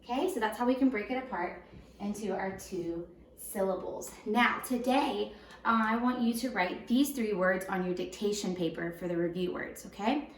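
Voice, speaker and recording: First-grade teacher, patient, syllable-by-syllable, distant echoey home recording with faint hum. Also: female voice, mid-range voice. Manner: patient, slow, sounds words out in syllables. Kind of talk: recorded home lesson for young children. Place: home room. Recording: roomy echo, voice a bit far from the mic.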